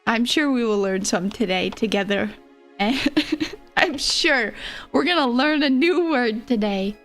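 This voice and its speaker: A woman streamer chatting playfully with her viewers, giggly and teasing. Her voice is high and her delivery is unhurried, with faint music playing behind her. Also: expressive. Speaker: livestreamer. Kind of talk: casual chat with viewers.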